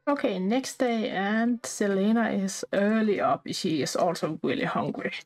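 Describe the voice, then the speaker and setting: A woman talking casually over life-sim gameplay, halting and chatty with many fillers and restarts, often out of breath. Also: mid-range voice, darkish tone, low-quality recording. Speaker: gameplay narrator.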